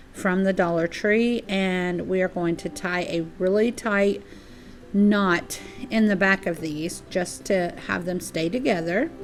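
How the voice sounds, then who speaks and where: A woman hosting a casual craft tutorial, chatty and apologetic and a little out of breath. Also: mid-range voice. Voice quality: chatty, apologetic, uses y'all. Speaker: DIY crafts channel host. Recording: soft music behind.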